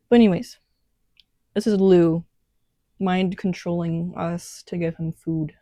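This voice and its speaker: A young woman talks through her sketchbook in a relaxed, rambling way, filling gaps with "um" and "like". Her voice is mellow and warm, and she speaks slowly. The sound is dry and close, with no room echo. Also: fairly low pitch. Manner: relaxed, rambling, many ums and likes. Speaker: artist vlogger. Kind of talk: casual sketchbook tour narration.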